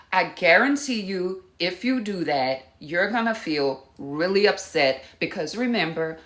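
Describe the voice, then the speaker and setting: A woman's voice: on the low side, pushed and bright, reverberant. A woman teaching empaths in a casual live talk, giving direct instructions and calling her viewers y'all. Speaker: empath coach.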